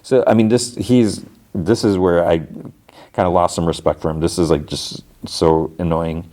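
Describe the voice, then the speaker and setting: Very deep-voiced man recapping casually. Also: fairly even intonation, moderate pace, dark tone, slight background noise. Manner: rambling retelling packed with "like", acting out dialogue. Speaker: podcast host.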